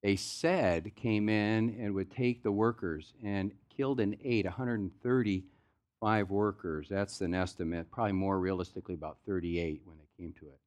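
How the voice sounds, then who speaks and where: A man's voice: on the low side, moderate pace, darkish tone. A man preaching a sermon as pastor, in a loose, conversational storytelling way. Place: church sanctuary.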